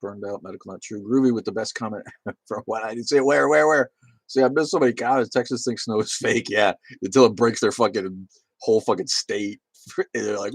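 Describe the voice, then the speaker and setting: A man's voice: lowish voice, steady tone, fairly quick, breathy edge, no room sound. A man hosting a livestream, rambling and swearing as he reads chat comments and laughs along. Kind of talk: casual profane livestream chat.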